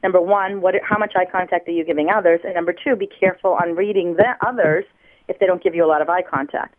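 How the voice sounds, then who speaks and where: Lady from the US explaining stuff on a radio call, tinny phone sound, lowish voice, lively teacher vibe. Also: quick pace. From United States. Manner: lively teaching tone, acts out examples. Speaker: body language expert guest. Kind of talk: radio interview over the phone.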